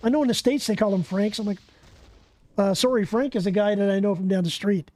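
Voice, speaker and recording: A Canadian streamer plays a game live, giving excitable, profane commentary and bantering with viewers. The voice is medium-pitched and brisk.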